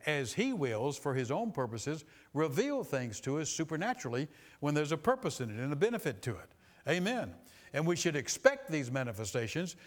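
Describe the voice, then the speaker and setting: A man preaching a sermon in a folksy, animated way, retelling scripture in plain talk. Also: mid-range voice. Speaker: pastor.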